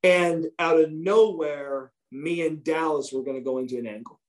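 A man's voice: on the high side, moderate pace. A man, a former wrestler, telling stories from his career in a casual chat, swearing freely and acting out what others said.

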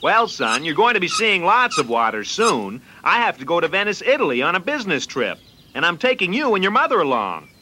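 Bouncy cartoon dad, pretty high, noisy old clip. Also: male voice, sing-song, a little fast, bright, forceful tone, exaggerated voice. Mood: cheerful. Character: cheerful cartoon dad on a business trip. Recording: cartoon clip with background noise.

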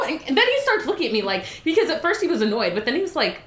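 A woman telling a story in casual chat, animated and giggly, acting out the dialogue. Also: sits high, fast, few pauses, roomy sound.

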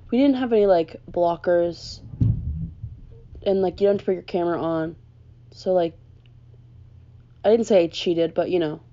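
A woman's voice: lowish voice, dark tone, lo-fi sound. A young woman, a college student ranting sarcastically on her vlog, full of "like" and rising exasperation. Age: young adult.

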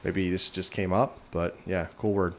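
A man's voice: sits low, level tone, normal speed. A man co-hosting a podcast, joking and rambling in casual banter among friends. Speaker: podcast co-host.

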